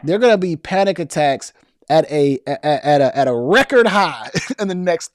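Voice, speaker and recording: A man's voice: fairly high pitch, expressive, normal speed, dry recording, clean studio sound. A man hosting a casual political commentary stream, reading viewer comments and talking loosely with slang, frequent restarts and repeated words.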